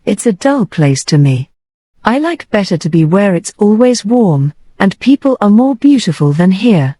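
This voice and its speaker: A woman's voice: mid-range voice, sing-song, normal speed, dark tone, no room sound, clean studio sound. A woman reading the part of a meek, poor young boy in an audiobook. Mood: wistful. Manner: meek, stammering.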